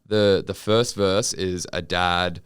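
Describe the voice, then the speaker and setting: A young man co-hosting a comedy podcast, swearing and joking in animated stories. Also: sits low, takes it slowly, clean tone, no echo, clean studio sound. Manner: crude, joking, animated storytelling. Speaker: podcast co-host. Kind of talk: casual comedic podcast chat.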